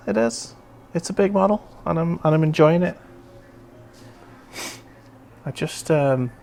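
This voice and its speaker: A man's voice: mid-range voice, a little mellow. Easygoing man hosting a stream. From North East England. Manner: rambling, easygoing banter. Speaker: stream host. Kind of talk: casual chat. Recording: faint background noise.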